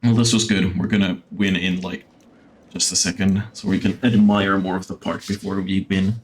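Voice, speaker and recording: A man streaming a theme-park builder talks at a normal speed in a low, level voice, with a little hiss or hum on his desktop mic. His chat is casual, loaded with fillers and an occasional swear.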